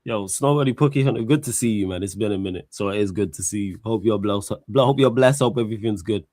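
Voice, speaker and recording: A man chatting casually as a football stream co-host, greeting viewers and chiming in with quick agreement. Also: fairly low pitch, a little mellow, dry recording, clean studio sound. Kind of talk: casual chat.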